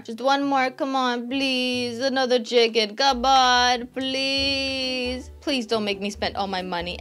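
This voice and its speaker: Woman, high voice, gaming commentary, gushy, pleading, faint music behind. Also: fairly bright tone. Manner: gushing, pleading and squealing over cute pets. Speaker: gaming YouTuber. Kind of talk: excited gameplay commentary.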